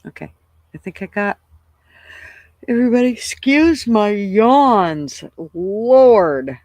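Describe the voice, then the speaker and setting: A woman's voice: mid-range voice, animated, slow pace, a little mellow, dry recording. An older woman hosting a casual livestream, chatting loosely, swearing freely and greeting viewers by name at her computer. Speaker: livestream host.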